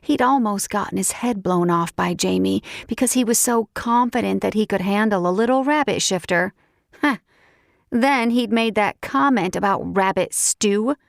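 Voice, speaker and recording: A woman narrating a first-person audiobook, expressive and animated when voicing her own character's lines. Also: medium pitch, gravelly, dry recording, studio quality.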